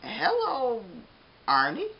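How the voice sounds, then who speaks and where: A woman voices a sheepish, flustered man in a storybook reading. He stammers and trips over his words, and his pitch wanders widely. The sound is dull and lo-fi. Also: huge pitch swings, drawn-out words, gravelly, heavily acted. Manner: stammering, hesitant. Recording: dull lo-fi recording.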